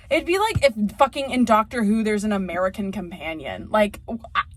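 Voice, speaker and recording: Animated woman ranting, lively swooping voice. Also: medium pitch, moderate pace, slight background noise. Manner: profane, animated, laughs often. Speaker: vlogger reviewing movies. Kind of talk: casual rambling rant.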